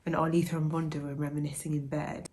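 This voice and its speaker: Brief: young woman book vlogger, low flat voice, soft and musing, casual chat. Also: quick pace. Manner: soft-spoken, musing, often hushed. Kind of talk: casual reading vlog.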